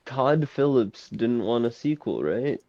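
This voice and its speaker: A man co-hosting a casual movie podcast, speaking very slowly and easily. His voice sounds close and dry, with no room echo, and he laughs often. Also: mid-range voice, very animated, warm tone, muffled recording. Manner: laid-back, laughs often. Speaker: podcast co-host.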